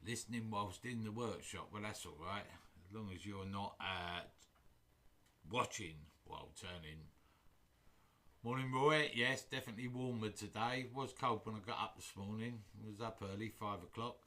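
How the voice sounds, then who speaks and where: A man's voice: on the low side, normal speed, pushed and bright. A man hosting a woodturning livestream from his workshop, chatting casually with viewers in a jokey, rambling way. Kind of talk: casual chat greeting live viewers. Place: home workshop.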